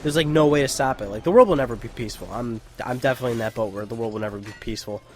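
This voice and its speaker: A man's voice: medium pitch, rapid-fire, faint music behind. Young male let's-play host, rambling, profane and casual, with frequent restarts. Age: young adult. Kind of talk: casual gameplay commentary.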